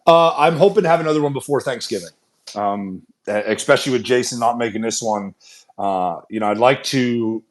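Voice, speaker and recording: A man's voice: mid-range voice, a little fast. A man, a company executive, hosting a casual shareholder Q&A and talking in earnest, upbeat run-on sentences with frequent restarts. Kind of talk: casual conference-call Q&A.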